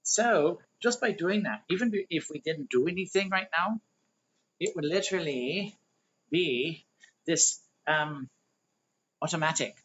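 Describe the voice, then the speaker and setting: A man's voice: fairly high pitch, animated, measured pace, long pauses, a bit bright, husky. Man giving a rambling spiritual talk, dull livestream. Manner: rambling, conversational, explains while drawing diagrams. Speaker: spiritual teacher.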